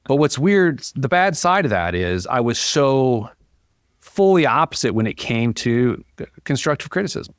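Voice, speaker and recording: An upbeat man talks as a guest on an interview podcast and tells stories with lively energy, his pitch bouncing up as he gets going. The sound is close and dry, with no room around it. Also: a little slow, no room sound. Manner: animated storyteller, upbeat and chatty. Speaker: company founder and CEO, podcast guest. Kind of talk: casual interview conversation.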